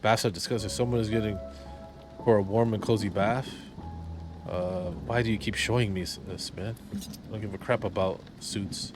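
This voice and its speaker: A man's voice: fairly low pitch, fairly even intonation, moderate pace, music in the background. A man doing casual, crude, joking commentary while playing a video game. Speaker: gameplay streamer.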